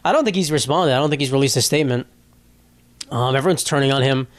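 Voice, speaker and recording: A man's voice: medium pitch, fast talker. A young man hosting a casual solo podcast, rambling and joking with plenty of swearing. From United States. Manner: rambling, profane, jokey. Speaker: podcast host.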